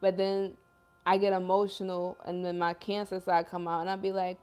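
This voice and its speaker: A woman's voice: fairly low pitch, level tone, normal speed, a little mellow, clean tone. A young woman hosting a livestream as a self-described healer, talking in earnest, emotional casual chat full of slang like "yo" and "y'all" while reading out viewer comments.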